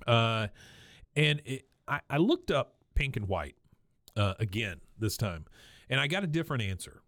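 A man's voice: medium pitch, big pitch swings, moderate pace, fairly bright tone, dry recording, clean studio sound. A man co-hosting a podcast, casually retelling scenes and slipping into quoted voices. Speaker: podcast co-host. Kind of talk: casual episode recap.

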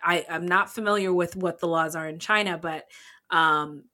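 A woman's voice: on the low side, fairly even intonation, normal speed, sharp tone. A woman co-hosting a true-crime podcast, chatting casually with giggles and tangents. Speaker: podcast co-host.

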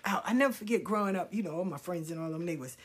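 A woman telling candid personal stories in a frank, profane, animated way, moving between hushed asides and loud outbursts. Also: on the low side, very fast, husky. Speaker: storyteller.

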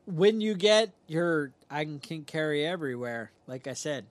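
A man from New York, co-hosting a podcast, telling stories in a lively way and acting out what people said. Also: a little high, normal speed, dry recording. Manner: animated storyteller, acts out quotes. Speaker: podcast co-host. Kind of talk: casual chat.

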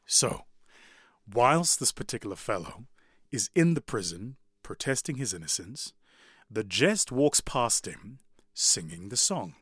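A man giving a motivational talk in an animated, conversational way, often turning to the audience. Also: medium pitch, a little slow, breathy edge, no echo, studio quality. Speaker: public speaker.

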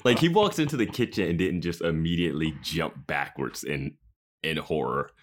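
A deep-voiced man chats casually on a podcast and drops dry comments. He laughs a lot, and his pitch moves animatedly. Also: lively intonation, normal speed. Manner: laughs often, dry asides. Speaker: podcast co-host. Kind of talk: casual recap chat.

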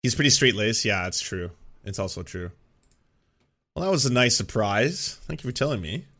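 A Canadian man with a Canadian accent hosting a live stream, talking in an animated way with quick casual asides. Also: lowish voice. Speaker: streamer host.

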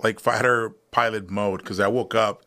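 A man's voice: fairly low pitch, steady tone, normal speed, pushed and bright. A young man, a guest in a casual interview, telling a long personal story with many fillers and restarts.

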